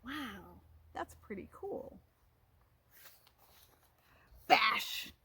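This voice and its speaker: A woman reading a picture book aloud to children, pausing to ask them questions in an animated way. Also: medium pitch, a little hiss or hum. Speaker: storytime reader.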